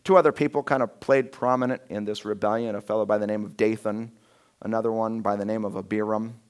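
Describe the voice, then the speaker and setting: A man preaching a conversational sermon as a pastor, telling the story casually and acting out quotes with lively shifts in voice. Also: fairly low pitch, fast. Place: church sanctuary.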